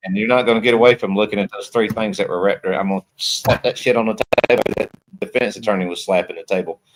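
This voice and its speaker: A man's voice: fairly low pitch, fast talker, rough recording. A man hosting a casual live panel chat, talking in a folksy, emphatic way and repeating himself for effect. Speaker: livestream host.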